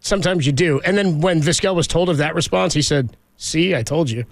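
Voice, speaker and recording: A man's voice: fairly high pitch, a little fast, creaky, no echo. A man co-hosting a sports radio show, reading a player's quotes aloud in casual chat, chuckling along. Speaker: radio co-host.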